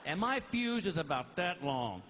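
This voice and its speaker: A middle-aged man doing a stand-up comedy routine, telling stories animatedly and jumping into high put-on voices for others. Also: measured pace. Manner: animated storytelling with high-pitched put-on voices for wife and dog. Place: large theater stage with a laughing audience. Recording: live concert recording with audience noise.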